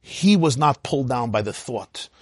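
A man giving an animated lecture on Hasidic teaching as a Torah teacher, firing rhetorical questions and often laughing. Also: medium pitch, moderate pace, breathy edge, no echo.

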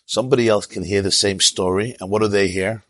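A man giving a sermon as a rabbi, telling an animated story with quoted voices and Yiddish and Hebrew terms mixed in. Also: lowish voice, fast, dry recording. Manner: animated, tells stories with quoted voices and asides.

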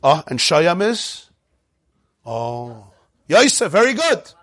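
Male Torah teacher, high-pitched and animated, dry close sound, acts out little dialogues. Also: slow pace, no room sound. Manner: mixes Hebrew text readings with English explanation. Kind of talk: lively Torah class lecture.

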